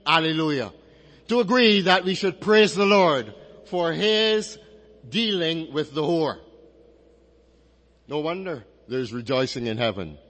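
A man with a notably high voice preaches in a measured, emphatic way, stretching out key phrases as he works through scripture. His words ring out into a long, echoing hall. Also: a bit bright. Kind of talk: expository sermon.

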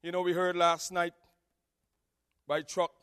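High-voiced Caribbean preacher in a hall. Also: male voice, completely flat delivery, unhurried, clear, resonant tone. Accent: Nevisian Caribbean English. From Nevis. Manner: impassioned, swings from hushed to shouting. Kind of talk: evangelistic sermon. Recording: long reverb of a large hall.

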